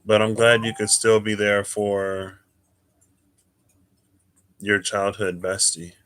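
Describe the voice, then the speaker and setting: A man's voice: lowish voice, flat delivery, slow, fairly bright tone. A man, a tarot reader on a livestream, chatting casually, sleepy and often excusing his yawns as he thinks aloud and reads chat. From United States. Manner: thinks aloud while searching and reading chat. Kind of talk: casual live stream chat.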